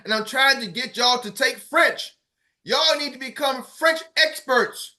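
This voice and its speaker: A man's voice: very high voice, unhurried, sharp tone. A middle-aged man coaching his sales team on a morning call, fired-up and preachy, calling out to the group.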